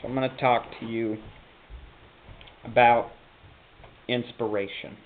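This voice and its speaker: A young man vlogging in a rambling, halting monologue, slipping into a put-on Southern drawl. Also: mid-range voice, flat delivery. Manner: meandering, self-interrupting, halting. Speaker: YouTube vlogger. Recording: phone-like lo-fi with faint hiss.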